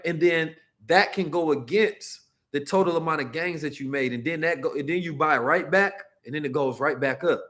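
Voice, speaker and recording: A man hosting a casual finance livestream, reading the chat and often tagging his points with "right?" and "you understand me?". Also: medium pitch. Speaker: livestream host teaching finance.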